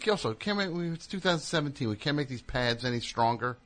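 A man's voice: mid-range voice, expressive, fast talker, a bit bright. A man hosting a radio show, rambling and joking, interrupting himself as he talks into a studio mic. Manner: rambling, jokey, self-interrupting. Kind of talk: casual radio monologue.

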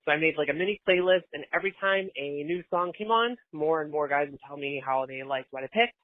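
A man's voice: on the high side, quick pace, no echo. A man leaving a chatty voicemail story for a podcast, a little out of breath. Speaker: voicemail caller. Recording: tinny phone line.

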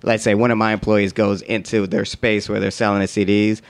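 Here a man with a lowish voice talks fairly quickly, sharing a workplace anecdote in relaxed conversation. He's animated, laughs a lot, and acts out the profane, slangy things other people said.

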